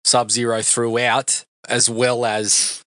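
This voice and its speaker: A man's voice: mid-range voice, flat delivery, slow, fairly bright tone, dry recording. A man co-hosting a podcast, chatting casually about a film with enthusiasm, swearing freely and laughing often. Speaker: podcast co-host. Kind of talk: casual film review chat.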